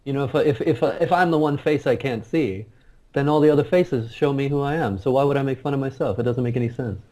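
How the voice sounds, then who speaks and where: A man's voice: medium pitch, fast talker, darkish tone. A man speaking as an interview guest, talking earnestly and emphatically in a casual spiritual conversation, often repeating words as he searches for them.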